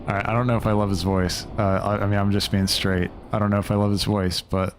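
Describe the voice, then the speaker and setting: Rambling low-voiced young streamer man. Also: flat delivery, fast, slight background noise. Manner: rambling, loose, swears casually. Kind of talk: casual live-stream gaming commentary.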